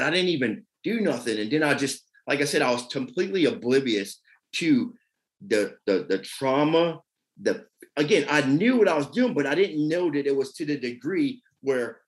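A man's voice: mid-range voice, rough recording. A man, a podcast guest telling his addiction recovery story in a rambling, emotional way. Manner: emotional, rambling, many "you know what I mean".

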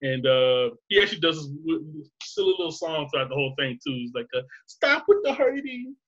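A man's voice: medium pitch, quick pace, a bit bright, breathy edge, muffled recording. A man rambling through a casual chat, laughing often and swearing freely.

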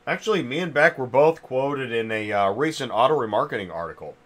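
A man's voice: medium pitch, animated, fairly quick, a bit bright. A man hosting a casual industry chat, rambling and thinking aloud with many restarts while chewing a cough drop. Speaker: podcast host.

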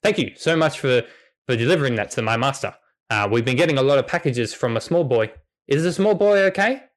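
A man voicing a huge, gentle, eager male dog who talks politely and chattily. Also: medium pitch, animated, fairly quick, pitched above the performer's own voice, natural voice. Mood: grateful. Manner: friendly, chatty, apologetic.

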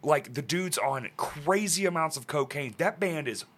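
A man in casual chat, joking and swearing, tossing in quick asides. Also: a little high, expressive, fairly bright tone.

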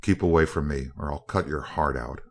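A man voicing a snarling, cowardly thug in a spoken story. The voice is deep, growling and rough, turning shrill when he is cornered. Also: moderate pace. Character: surly, cowardly male thug. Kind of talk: audiobook character voice.

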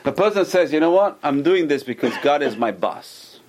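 A man's voice: fairly high pitch, moderate pace. A man teaching a Torah class, telling stories and acting out the people in them, often repeating and restarting his phrases. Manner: animated storyteller, acts out quoted people.

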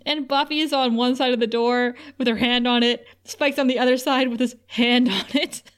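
Woman podcast co-host, casual recapper, higher voice, laughs often. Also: fairly even intonation, clear, resonant tone. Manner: recaps scenes with quick quoted lines and frequent laughs.

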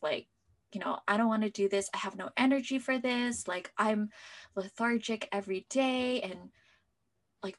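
A young woman telling her personal story as an interview guest, in a chatty way full of "like" fillers, sometimes dropping to a soft near-whisper. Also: mid-range voice, gravelly.

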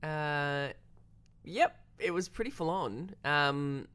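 Here the young Australian filmmaker guest has a smooth voice and a slow pace. He tells his story in an animated, self-deprecating way, chatting casually and jumping in pitch when he quotes.

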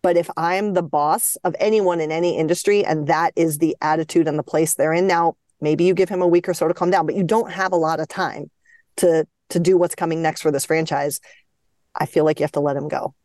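A woman with a low voice co-hosting a sports podcast. She weighs her opinions thoughtfully in casual chat, and the sound is dry and close. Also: steady tone, fairly quick, darkish tone, dry recording. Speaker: podcast co-host.

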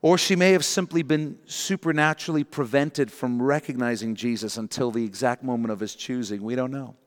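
A man's voice: mid-range voice, a little fast, long reverb tail. A man preaching an earnest, emotional sermon, acting out the people he quotes. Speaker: pastor.

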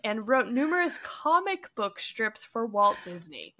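A woman's voice: a little high, sing-song, measured pace, pushed and bright, a little hiss or hum. A woman hosting a casual book-review podcast, reading background facts aloud and laughing often. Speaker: podcast host.

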